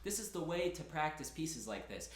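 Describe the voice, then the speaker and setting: A man's voice: fairly high pitch, sing-song, moderate pace. A young man giving a casual, encouraging piano lesson, chatting between short demonstrations at the keyboard. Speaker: piano teacher. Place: room with a piano. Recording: roomy echo with piano playing.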